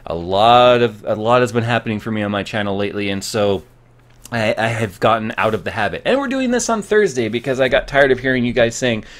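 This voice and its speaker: A man's voice: mid-range voice, a little fast. A man hosting a live tech stream, chatting casually in a jokey, rambling way.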